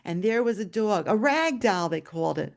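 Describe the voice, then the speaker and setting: An older woman tells a personal story from her teaching years to a story-swap group over a video call. Her voice sits at a middling pitch for a woman. She tells it in a lively, expressive way and acts out the dialogue. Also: moderate pace, gravelly.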